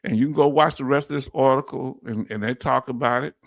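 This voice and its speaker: A man with a Southern Louisiana accent giving an animated, preachy commentary as host, full of rhetorical questions and chuckles. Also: mid-range voice, fast, vocal fry, no room sound, clean studio sound. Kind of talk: casual commentary monologue.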